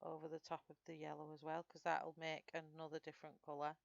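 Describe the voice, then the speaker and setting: A woman's voice: low voice, completely flat delivery, fast, vocal fry, no echo, lo-fi sound. A woman with a Northern English accent, chatting through a live colouring tutorial and answering viewers' comments as she works. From Northern England. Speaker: streamer.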